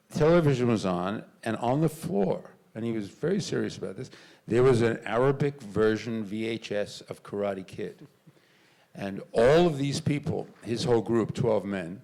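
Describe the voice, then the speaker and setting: Older man telling lively stories on a panel. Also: lowish voice, vocal fry. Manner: animated anecdotes, shouting out quoted lines. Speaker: actor on convention panel. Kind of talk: storytelling on a panel. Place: convention panel stage.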